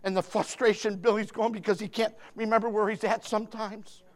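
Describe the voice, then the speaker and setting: A man preaching a sermon without notes, swinging from loud shouted declarations to soft, hushed reassurance, with lots of repetition and emphasis. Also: high voice, flat delivery, fairly quick. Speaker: pastor. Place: church.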